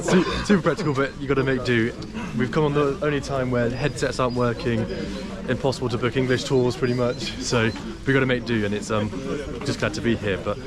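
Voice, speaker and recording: A young man talking casually to camera as a travel vlogger, rambling as he walks around a city. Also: medium pitch. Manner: rambling, chatty, loose filler-heavy talk. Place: outdoors walking a city.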